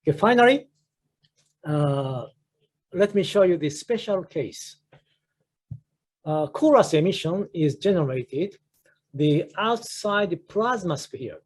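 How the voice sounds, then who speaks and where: A man's voice: high-pitched, lively intonation, slow, long pauses, husky. A man in his sixties with a Japanese accent, a professor giving a research lecture with many fillers and restarts. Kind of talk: academic lecture.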